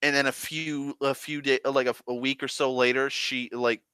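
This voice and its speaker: Profane rambling young man, bright voice. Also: mid-range voice, little pitch movement, moderate pace, clear, resonant tone, no room sound. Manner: rambling, profane, often backtracks and corrects himself. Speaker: host. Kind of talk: casual storytelling monologue.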